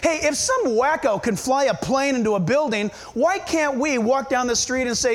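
A man with a strikingly high voice preaches a sermon. He presses each point hard and keeps throwing pointed questions at his congregation. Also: animated, moderate pace, few pauses. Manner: emphatic, fires rhetorical questions at listeners. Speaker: pastor.

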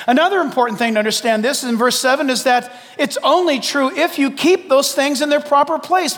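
A high-pitched male pastor preaching in a church, his voice carrying a long reverb through the sanctuary. He swings from booming emphasis to soft, hushed asides and playfully acts out the voices he quotes. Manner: dramatic, swings from loud to hushed. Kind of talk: sermon.

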